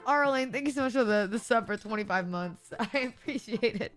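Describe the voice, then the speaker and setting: A woman's voice: on the high side, fairly quick, few pauses, soft background music. A woman streamer chatting casually with her viewers, rambling, sarcastic and often laughing. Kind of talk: casual live-stream chat.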